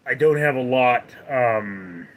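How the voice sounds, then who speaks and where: Lively, slow-talking man on a livestream. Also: mid-range voice. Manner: rambling, with many fillers and restarts. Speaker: livestream host. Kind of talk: casual livestream chat, reading comments and doing voice impressions.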